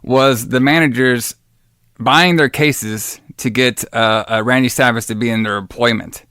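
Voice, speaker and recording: Rambling, excited podcast co-host man. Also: mid-range voice, unhurried, smooth, no room sound, clean studio sound. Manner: rambling, lots of fillers and tag questions; enthusiastic about old wrestling shows. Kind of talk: casual podcast chat.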